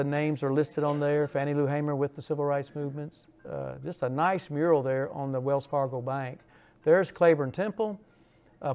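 A man's voice: a little high, a little mellow, smooth. An older man, giving an informal history lecture with folksy asides and rhetorical questions. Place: lecture hall.

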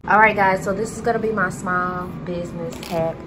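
A woman's voice: on the low side, a little fast, background noise. A woman vlogging casually and candidly, talking straight to her viewers and addressing them as y'all. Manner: animated, bursts into excited squeals. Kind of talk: casual vlog talk to viewers.

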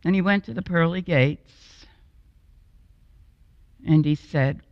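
A woman preaching a storytelling sermon in a slow, expressive way, acting out the voices in her story. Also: low-pitched, dry recording, long reverb tail. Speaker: guest preacher. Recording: dull, lo-fi and dry.

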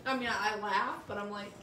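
A woman's voice: medium pitch, steady tone, moderate pace, sharp tone. A woman in a study group joining the discussion, chatty and laughing while she talks. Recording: roomy, noisy, from across the room.

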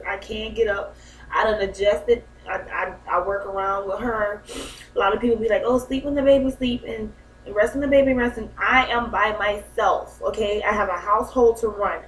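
A woman's voice: mid-range voice, a little hiss or hum. A young mother, talking about her new baby in a heartfelt, rambling way and often laughing. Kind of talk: emotional personal vlog. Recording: echoey room, mic a bit far.

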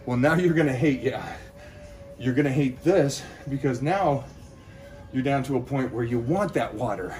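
Guy huffing through cardio while hyping up his viewers, mid-pitch voice, fitness vlog pep talk. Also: measured pace, a little mellow, faint music behind. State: out of breath from cardio. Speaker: fitness vlogger.

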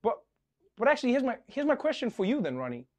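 A man's voice: extremely high pitch, big pitch swings, quick pace, darkish tone. A man hosting a comedic late-night segment, wry and playfully flustered, stammering in the banter. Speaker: host.

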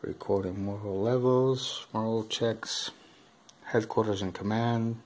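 A man reading a rulebook aloud in a halting, hesitant way, full of ums and uhs, filmed on a camera above the table. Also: on the low side, steady tone, a little mellow. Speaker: board game unboxing host. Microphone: camera filming over the table.

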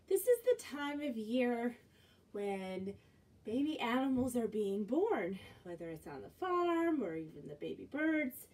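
A woman's voice: fairly high pitch, a little mellow. A woman librarian leading children's music and movement, singing action songs in a sing-song, encouraging way. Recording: voice distant from the mic.

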